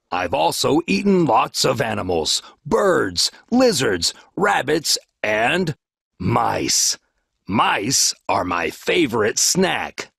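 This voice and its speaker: A man's voice: mid-range voice, gravelly, fairly bright tone, breathy edge, no room sound, studio quality, heavily acted. A man voicing a proud, boastful male lion king who roars and brags in a children's fable recording. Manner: roaring, bragging. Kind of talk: storybook audio narration.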